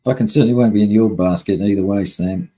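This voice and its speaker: Male streamer, husky, blunt and profane, venting to chat. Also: on the low side, quick pace, mellow, low-quality recording. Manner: heavy swearing, angry and blunt. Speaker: live stream host. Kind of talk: casual live-stream rant.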